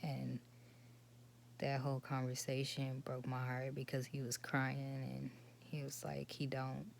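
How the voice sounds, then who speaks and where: A woman telling a personal story in a vlog, speaking softly and often slipping into near-whispers. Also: a bass voice, monotone, a little slow, a little hiss or hum. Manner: soft, subdued and often breathy, trailing into near-whispers. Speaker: vlogger.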